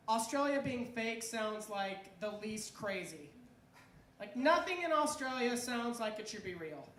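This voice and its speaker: A comedian doing an animated stand-up set at an open mic, acting out voices as she goes. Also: a little high. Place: club stage at open mic. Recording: echoey club room, faint noise.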